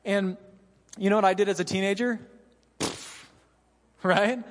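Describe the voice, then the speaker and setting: High-voiced man preaching in a reverberant hall. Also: normal speed, long pauses, a little hiss or hum. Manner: earnest, conversational, frequent "you know" asides. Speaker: pastor. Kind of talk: sermon. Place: church hall.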